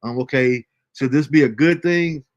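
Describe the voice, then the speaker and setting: A man hosting a casual livestream show, reading out viewer comments with a relaxed, chuckling manner. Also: mid-range voice, normal speed, lo-fi sound. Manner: laid-back, chuckling often, fillers like um. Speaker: host.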